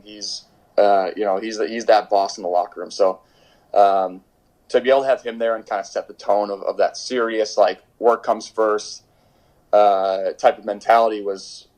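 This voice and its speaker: A young man with a fairly low voice tells stories as an interview guest. He rambles in a relaxed, chatty way, piling up fillers and restarting sentences as he goes. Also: poor audio. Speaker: professional soccer goalkeeper, guest. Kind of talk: casual interview storytelling. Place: home during quarantine.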